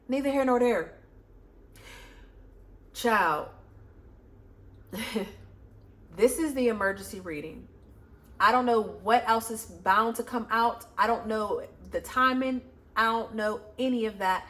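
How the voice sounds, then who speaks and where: A woman's voice: lively intonation, a little slow, long pauses, fairly bright tone. A woman doing a casual tarot reading, telling a frantic story full of swearing. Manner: low murmured prayer. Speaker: tarot reader.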